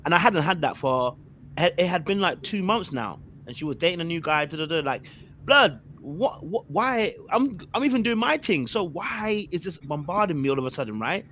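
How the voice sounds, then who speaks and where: A young man tells a long personal story on a podcast panel, his voice bright and forceful. He sits a touch higher than most men, and he talks in lively, slangy bursts that circle back on themselves. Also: moderate pace, slight background noise. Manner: animated, repetitive, slangy storyteller. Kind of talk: casual storytelling.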